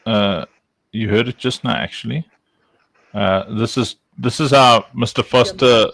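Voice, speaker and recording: A man's voice: medium pitch, measured pace, gravelly, a bit bright, no room sound. A man hosting a casual talk show, joking and rambling with lots of fillers. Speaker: host. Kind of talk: casual chat.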